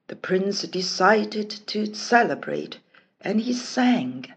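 Very slow, breathy woman reading a storybook. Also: mid-range voice, highs cut off. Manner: slow, expressive, careful. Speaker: narrator. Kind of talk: storybook narration.

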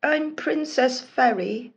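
A woman voicing a gentle young fairy princess in a storybook, soft, slow and a little higher. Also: slightly rough, heavily acted. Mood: grateful.

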